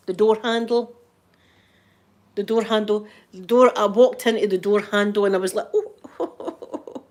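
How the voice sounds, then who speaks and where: A woman's voice: mid-range voice, darkish tone. Chatty Scottish woman with a heavy accent. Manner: chatty, laughs often, mimics voices. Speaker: ASMR livestream host. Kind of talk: casual live chat.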